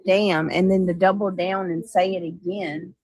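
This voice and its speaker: A woman's voice: on the low side, steady tone, normal speed, a little mellow, no echo, low-quality recording. A woman co-hosting a livestream in casual chat, sarcastic, greeting chat viewers. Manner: sarcastic, reads out chat names.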